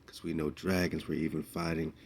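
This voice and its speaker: A man's voice: very deep voice, level tone, a little fast, husky. A man hosting a radio show, reacting to a documentary clip in casual commentary with frequent laughs and slangy asides.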